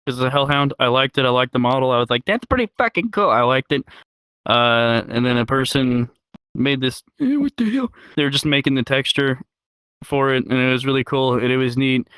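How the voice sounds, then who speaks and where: A young man telling crude stories in casual chat, laughing often and yelling out the lines he quotes. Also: medium pitch, clear, resonant tone, dry recording. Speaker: comedian guest. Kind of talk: casual storytelling.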